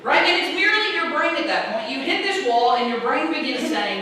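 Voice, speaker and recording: A woman's voice: sits high, very animated, fairly quick, hardly any pauses, sharp tone. Woman preaching in an echoing sanctuary. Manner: conversational, often asks the congregation "right?". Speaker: pastor. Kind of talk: sermon. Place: large church sanctuary. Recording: echoey sanctuary heard from a distance.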